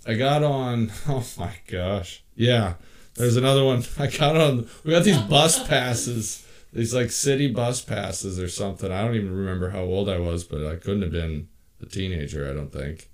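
A man in his thirties with a fairly low voice, chatting on a podcast. He jokes around and tells animated stories about his kids and childhood, his voice jumping up when he gets excited. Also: normal speed. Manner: joking, animated storyteller. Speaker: podcast co-host. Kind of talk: casual chat.

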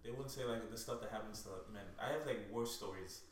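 Young male co-host, opinionated banter, low voice, distant in an echoey room. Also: quick pace. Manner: joking banter, opinionated asides. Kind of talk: casual chat. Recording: echoey room, distant mic, faint noise.

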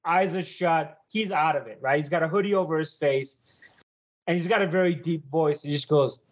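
A man with a high-pitched voice spins a wild story on a podcast, animated and full of swearing. He breaks into loud shouted impressions of himself when he quotes his own reactions. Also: moderate pace, muffled recording. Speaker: podcast co-host. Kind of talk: casual storytelling chat.

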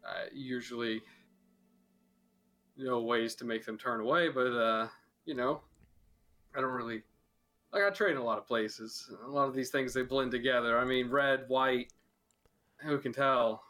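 A shifty merchant dodges every question, hedging and rambling in a bright, forceful voice, as a game master puts him on. He stammers and circles back on himself, never quite giving a straight answer. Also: medium pitch, steady tone, unhurried, pauses often. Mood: evasive. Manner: hesitant, rambling excuses. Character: evasive shifty male traveling merchant.

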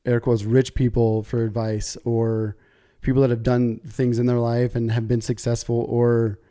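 Guy on a podcast with a warm mellow voice, earnest, talks straight to the listeners. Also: medium pitch, level tone, moderate pace. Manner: earnest, direct, addresses listeners as "guys". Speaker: podcast co-host. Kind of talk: casual chat.

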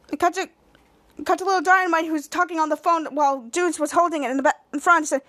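A woman podcast host recaps a TV episode in casual chat. Her voice is very high, and she stumbles, repeats and restarts words as she goes. The sound is dry and close, with no room around it. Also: fairly even intonation, fast, fairly bright tone, dry recording.

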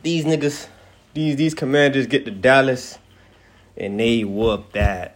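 A young man hosting his own podcast, chatting casually in an animated, rambling way and swearing freely. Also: on the high side, unhurried. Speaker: podcast host. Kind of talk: casual solo podcast chat.

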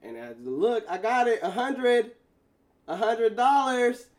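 A man casually telling a long personal story to his viewers, animated and slangy, laughing as he goes. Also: very high-pitched, slow.

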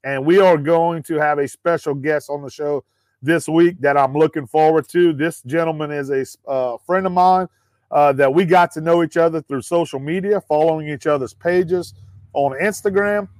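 A man's voice: on the high side, steady tone, normal speed, a little mellow, no echo. A man hosting a casual podcast in a folksy way, with lots of "uh" fillers, and calling his listeners guys. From Louisiana. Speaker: podcast host.

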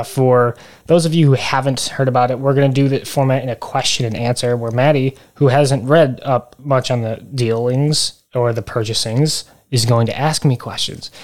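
A man's voice: medium pitch, darkish tone. A man co-hosting a podcast in casual chat, rambling and wry as he explains things. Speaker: podcast co-host.

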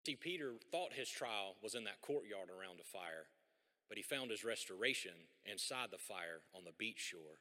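A man preaching a sermon as a pastor, animated and conversational, with folksy asides. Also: lowish voice, moderate pace. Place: church sanctuary. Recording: long hall reverb.

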